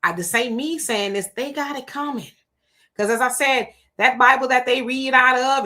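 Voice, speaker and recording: Bright-voiced woman chatting with live viewers. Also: high voice, a little fast. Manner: greets commenters by name and reacts conversationally. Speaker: livestream host reading chat comments. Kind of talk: casual live-chat commentary.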